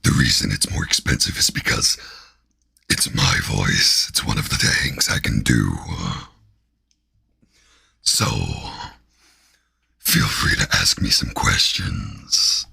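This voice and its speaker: Gravelly growling demon. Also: male voice, bright, forceful tone, full character voice. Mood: teasing, menacing. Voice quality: gravelly, cavernous low growl. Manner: slow, teasing, playfully threatening. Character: deep growling male demon, teasing and menacing. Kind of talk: live-stream character voice.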